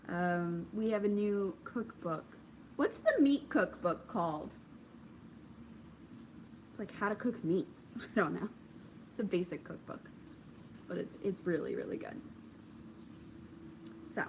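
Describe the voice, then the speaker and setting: A woman's voice: mid-range voice, low-quality recording. Casting: young woman, home knitting vlogger, bubbly and rambling, light hiss on the track. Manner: gushing, chatty, many ums, bursts of excitement. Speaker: knitting podcast host. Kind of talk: casual chat. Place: home craft corner, indoors.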